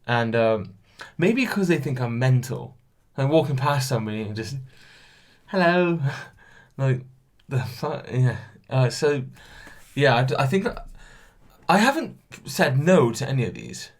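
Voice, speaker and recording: A man's voice: mid-range voice, very animated, unhurried, pauses often. A young man hosting a solo podcast, chatty and self-mocking, telling stories with some swearing, alone in a room. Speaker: podcast host. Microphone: camera.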